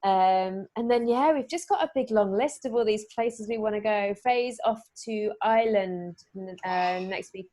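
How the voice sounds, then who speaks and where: A woman's voice: medium pitch, moderate pace, few pauses, dark tone. An English woman, an actress guest in a casual interview, easygoing and full of fillers. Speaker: actress and paranormal investigator guest.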